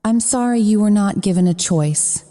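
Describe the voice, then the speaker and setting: A woman doing a soft-murmuring mafia boss. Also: medium pitch, normal speed, natural voice. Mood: seductive. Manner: murmuring softly. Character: commanding adult male mafia boss, soft-spoken, seductive. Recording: long reverb.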